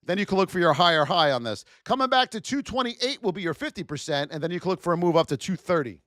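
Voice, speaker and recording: Animated high-pitched man hosting a livestream. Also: fast, no room sound, studio quality. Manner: animated, shouts out to chat viewers. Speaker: trading livestream host. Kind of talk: live stream market commentary.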